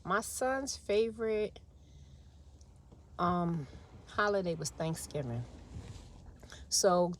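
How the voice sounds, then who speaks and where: A woman's voice: fairly low pitch, lively intonation, slow pace, pauses often. A woman, chatting and venting to viewers in a casual vlog while stuck in traffic in her car. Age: 40s. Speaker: vlogger.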